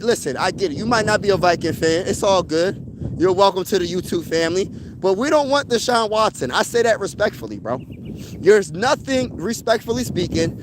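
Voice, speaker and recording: A man hosting a casual sports talk stream outdoors, answering his chat in an excitable, slangy way and repeating himself for emphasis. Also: high voice, noisy background. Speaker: sports channel host. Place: outdoors, windy.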